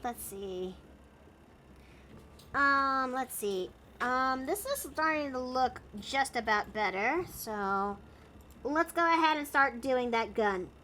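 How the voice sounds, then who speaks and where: A woman's voice: high voice, animated, slow, sharp tone, slight background noise. A woman chatting casually while drawing on her art stream, narrating her steps in a playful way.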